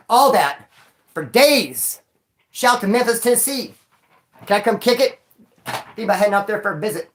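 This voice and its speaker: A man's voice: high-pitched, expressive, a little fast, a bit bright. Man, stream host, casual slangy storyteller who acts out the sounds and voices. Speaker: livestream host telling prison stories. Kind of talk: casual storytelling to a live audience.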